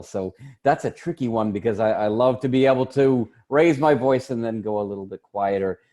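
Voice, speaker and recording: A man co-hosting a discussion about public speaking, relaxed and thoughtful with small restarts. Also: on the low side. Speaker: co-host. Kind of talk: casual panel discussion.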